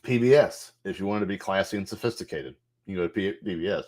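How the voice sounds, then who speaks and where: A man's voice: sits low, quick pace, a little mellow. Man casually talking through a game. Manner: loose, profane, thinking aloud while clicking through menus. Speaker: gameplay streamer. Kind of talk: casual game walkthrough commentary.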